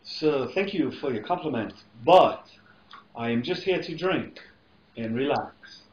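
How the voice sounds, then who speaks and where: A man playing a calm, overly polite martial artist. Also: medium pitch, a little slow, reverberant, lo-fi sound, natural voice. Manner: formal, stiff politeness.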